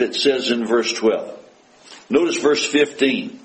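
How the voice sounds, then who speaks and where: A man of middle pitch delivering a sermon in church. He drives his points home with rhetorical questions and scripture that climbs in intensity. For the prayers he sinks into a hushed, earnest near-murmur. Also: slow, low-quality recording. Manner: drops to a hushed voice for heartfelt prayers. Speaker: preacher.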